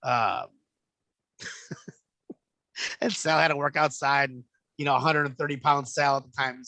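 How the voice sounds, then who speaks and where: A podcast guest spins stories in a casual chat, animated and swearing freely, acting out the voices of the people he quotes. His voice is mid-range, bright and dry, delivered at a measured pace in a dry recording.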